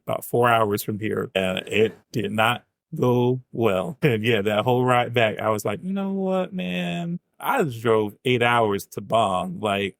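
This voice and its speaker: A man's voice: lowish voice, a bit bright, dry recording, studio quality. A man, a comedian and writer, chatting as a guest, thinking aloud with lots of "like"s and lifting his voice for quoted thoughts. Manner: reflective, filler-heavy with many "like"s, lifts his voice for quoted thoughts. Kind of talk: casual chat.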